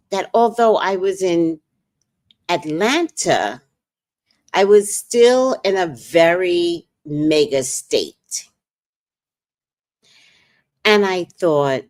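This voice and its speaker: Low-voiced woman hosting a livestream. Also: drawn-out words, pauses often, dry recording, studio quality. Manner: animated storytelling, acts out dialogue. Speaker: livestream host and psychic reader. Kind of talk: casual livestream chat.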